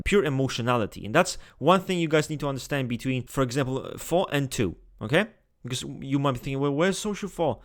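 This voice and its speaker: A man hosting a casual tier-list video, talking straight to his viewers in a blunt, excitable, swear-heavy way. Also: medium pitch. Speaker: typology video host.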